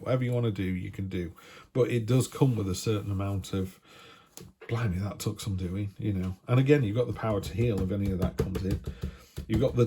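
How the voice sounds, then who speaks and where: A man's voice: fairly low pitch, mellow, breathy edge. A man giving a casual, encouraging weekly tarot reading, chatty and full of restarts. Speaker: tarot reader.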